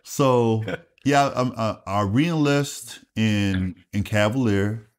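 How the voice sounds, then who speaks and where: A man's voice: fairly low pitch, slow, clear, resonant tone. A man in his late forties from South Carolina, a retired Air Force master sergeant telling stories as a guest, swearing freely and acting out the dialogue. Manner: animated, profane storyteller acting out dialogue. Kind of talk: casual storytelling interview.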